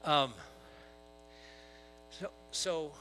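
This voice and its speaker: A man preaching a sermon to a church, telling stories and swinging between soft asides and loud bursts. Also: fairly high pitch, drawn-out words, a little hiss or hum, poor audio. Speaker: pastor.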